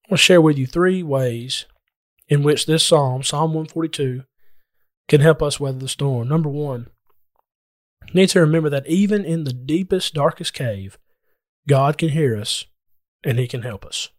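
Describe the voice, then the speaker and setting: A man's voice: on the high side, no room sound. Earnest preaching man, dry close sound. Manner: earnest preaching with slow emphatic scripture quotes. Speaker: pastor. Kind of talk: sermon.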